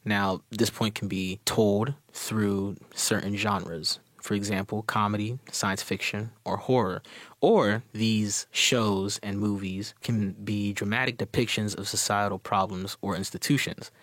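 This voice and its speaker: Low-voiced man with a dry delivery. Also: fairly even intonation, a little slow, a bit bright, no room sound. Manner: confident, with scripted sign-off. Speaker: student media presenter. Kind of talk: prepared spoken commentary.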